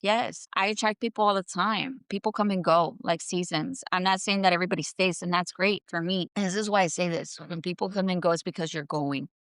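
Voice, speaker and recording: A woman's voice: fairly low pitch, a little fast, few pauses, fairly bright tone, clean tone, dry recording, clean studio sound. A woman hosting her own show, delivering an earnest motivational self-help monologue from home and repeating affirmations for emphasis. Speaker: podcast host. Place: at home, indoors.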